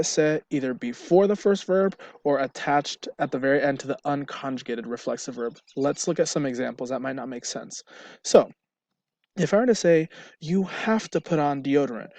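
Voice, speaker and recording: A man's voice: mid-range voice, a little mellow, no echo. A man teaching a Spanish grammar lesson, explaining step by step and checking in with "right?". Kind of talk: recorded online lesson.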